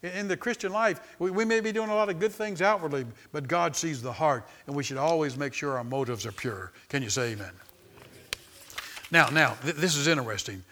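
A man's voice: fairly high pitch, brisk, a little hiss or hum. A male pastor preaching a sermon, calling for amens and often restarting his phrases. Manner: preaching with call-and-response, stumbling restarts, swells in loudness.

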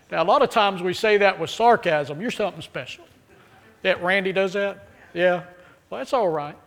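A man's voice: high voice, measured pace, creaky, pauses often, a bit bright. A male pastor preaching a sermon. He jokes easily and keeps calling on the congregation to repeat lines back to him. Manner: joking, call-and-response with congregation.

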